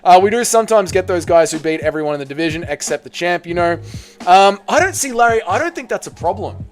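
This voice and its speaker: Aussie guy running a live stream, talks fast and loose, reads out chat, swears a bit, slightly high voice. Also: faint music behind. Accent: Australian. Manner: animated, reads and answers viewer chat, swears casually.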